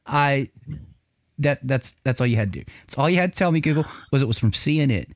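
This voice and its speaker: A man's voice: medium pitch, expressive, fast talker, no room sound, studio quality. A man co-hosting a podcast, ranting sarcastically and swearing constantly. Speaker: podcast co-host. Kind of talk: casual chat.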